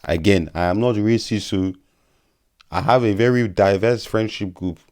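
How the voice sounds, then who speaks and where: A man's voice: lowish voice, normal speed, a little mellow, lightly acted. A man voicing a jolly, apologetic older African uncle with an African accent, sing-song and exaggerated, ending lines with "eh?". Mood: jokey apologetic.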